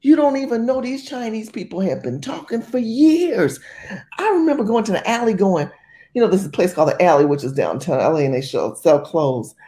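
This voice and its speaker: Animated woman with a dark, mellow voice. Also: mid-range voice, fairly quick. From California. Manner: emphatic, rambling, animated delivery. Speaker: commentator. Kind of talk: political commentary video.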